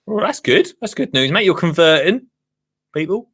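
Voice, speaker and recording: A man's voice: a little high, expressive, moderate pace, fairly bright tone, husky, dry recording. A man co-hosting a casual gardening chat, matey and teasing, laughing easily and calling people "mate". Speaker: co-host.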